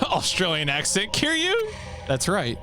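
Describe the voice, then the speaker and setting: A man streaming a video game, chatting casually with viewers in an animated way and laughing often. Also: on the high side, unhurried, music in the background.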